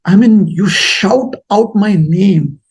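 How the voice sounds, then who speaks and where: Haughty official losing his patience, slow and husky, as a man puts him on. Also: high-pitched, full character voice. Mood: indignant. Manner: scolding, exasperated. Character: proud high-ranking male magistrate, indignant.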